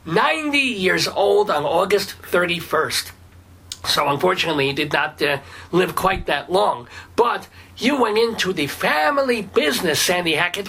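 A man's voice: high-pitched, bright, forceful tone, slightly rough, heavily acted. A man voicing a cranky, foul-mouthed older rabbi with a phlegmy, throaty voice, rambling and swearing in a comedic radio bit. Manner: rambling, blustery, swears casually.

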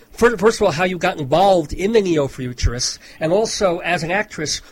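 A man's voice: a little high, a little hiss or hum, low-quality recording. A man hosting an interview, asking questions in an upbeat, enthusiastic way. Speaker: interviewer, host. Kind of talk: casual interview.

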